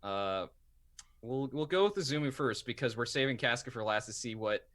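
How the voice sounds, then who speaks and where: A man's voice: medium pitch, normal speed, a bit bright. A man running a tabletop role-playing game, narrating and joking with many restarts. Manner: laughing, rambling, full of restarts. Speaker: game master.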